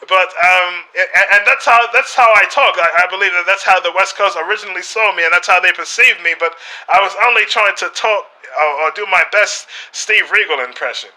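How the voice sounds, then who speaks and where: Guest with a British accent: piercing, bright timbre, loose halting delivery. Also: male voice, sits high, poor audio. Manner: halting, many filler phrases and restarts. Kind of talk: in-character podcast chat.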